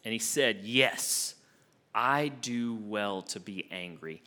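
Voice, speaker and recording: A young adult man, an associate minister, preaching a sermon with expressive swings from emphatic to hushed. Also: on the low side, slow pace.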